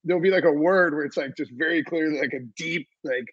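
A man's voice: fairly high pitch, quick pace, fairly bright tone, slightly rough, no room sound, muffled recording. A man hosting a sports podcast, chatting casually in a rambling way with many fillers and restarts. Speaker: podcast host. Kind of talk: casual chat.

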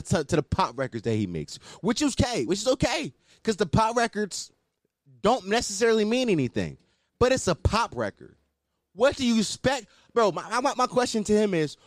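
A man hosting a commentary show, arguing in a profane, animated rant. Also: high voice, no echo, clean studio sound. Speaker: commentary host.

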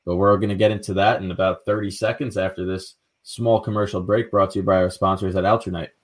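A man's voice: low-pitched, level tone, fast talker, slight background noise. A man co-hosting a hockey podcast in a laid-back way, introducing the guest. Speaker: podcast co-host. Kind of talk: casual chat.

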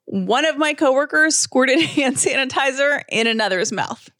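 A woman's voice: sits high, animated, normal speed, a bit bright, no room sound, clean studio sound. A woman co-hosting a casual podcast, overcome with laughter and tears as she talks. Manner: bursting into helpless laughter and tears. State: crying with laughter. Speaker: podcast co-host. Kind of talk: casual chat.

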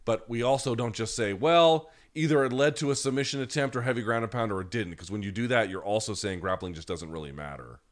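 Low-voiced guy hosting a live chat, swears a lot, rants hard, mocks people in silly voices. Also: fast talker, few pauses. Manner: blunt, profane, ranting; mocks others in put-on voices. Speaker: host.

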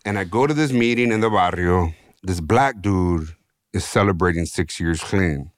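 A middle-aged man with a Chicano English accent tells a personal story in a podcast interview. His voice sits low, recorded close and dry, and he talks in animated street slang. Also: normal speed, no echo. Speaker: podcast guest, author.

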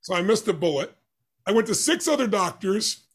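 An interview guest recounts a personal story with animation, acting out the dialogue in emphatic voices. His voice is high and husky, swinging widely in pitch at a moderate pace.

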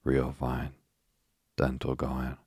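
A man's voice: very deep voice, completely flat delivery, slow pace, darkish tone, breathy edge, no echo, studio quality, heavily acted. A man voicing a sober, generous little boy who speaks up earnestly.

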